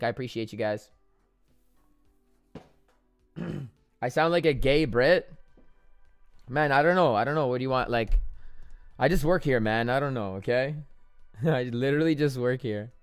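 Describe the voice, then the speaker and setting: A man's voice: mid-range voice, normal speed, pauses often, clean tone, dry recording, clean studio sound, faint music behind. A young man chatting casually on a live trading stream, joking and making fun of himself as he goes. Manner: chatty, joking, self-deprecating.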